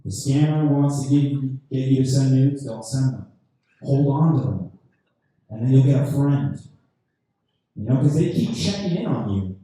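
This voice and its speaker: A man working through a stand-up comedy set with a dry, deadpan delivery, stumbling through fillers as he goes. His voice is dark and muffled, picked up from a distance. The lounge around him rings with heavy echo. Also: mid-range voice. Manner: halting, deadpan, lots of fillers. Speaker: stand-up comedian at an open mic. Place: lounge comedy night, indoors. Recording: very echoey room from far off.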